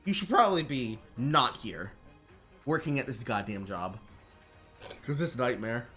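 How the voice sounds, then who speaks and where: A man streaming, telling stories in casual chat, animated and swearing freely. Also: medium pitch, a little slow, faint music behind. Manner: animated storytelling with mimicked voices.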